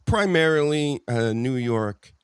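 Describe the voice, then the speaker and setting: A man's voice: medium pitch, slow, smooth, dry recording. A man from Boston with a Boston accent, hosting a casual live show and ranting bluntly with jokes. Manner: blunt, joking, animated rants. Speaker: host.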